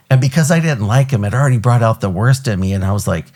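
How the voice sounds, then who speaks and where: A middle-aged man hosting an interview, telling a story with lively acted-out quotes. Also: fairly low pitch, normal speed. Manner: animated storyteller, acts out quotes. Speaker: podcast host.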